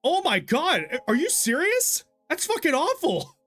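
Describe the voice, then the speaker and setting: A man's voice: very high-pitched, wildly swooping pitch, measured pace, sharp tone, soft background music. A young man from Texas streaming a game, chatting casually with his chat, laughing often and exclaiming in disbelief. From Texas, USA. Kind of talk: casual live-stream commentary while gaming and reading chat.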